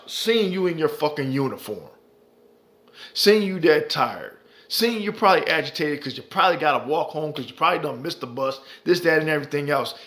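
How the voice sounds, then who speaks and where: A man's voice: a little high, fairly bright tone. A man delivering impassioned ranting commentary, profane and heated, repeating phrases for emphasis. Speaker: commentary vlogger.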